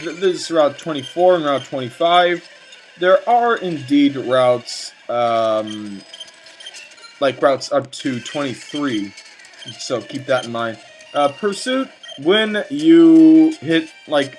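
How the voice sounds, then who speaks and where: A man's voice: mid-range voice, slight background noise. Rambling young man narrating gameplay. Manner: rambling and tangent-prone, with many fillers and stammered repeats. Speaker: let's play commentator.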